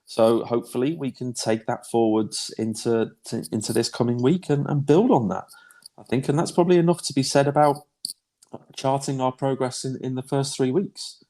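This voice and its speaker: A man co-hosting a casual podcast, his voice dark and mellow at a middle pitch. He talks in a steady, easygoing flow, leaning on little fillers and restarting his phrases. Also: normal speed. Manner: steady, with frequent "you know" fillers and restarts. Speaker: podcast co-host. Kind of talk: casual chat about golf betting.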